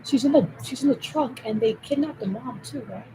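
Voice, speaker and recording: A woman rambles through a solo monologue, hopping between topics, swearing, and swinging from loud outbursts to low mutters. She talks a little fast, and the background is noisy.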